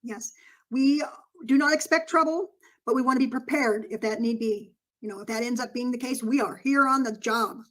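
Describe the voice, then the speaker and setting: A woman's voice: fairly high pitch, moderate pace, lightly acted, low-quality recording. A woman voicing a courteous male small-town police officer in a put-on Southern accent, full of "yes, ma'am" and formal politeness. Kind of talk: comedic role-play.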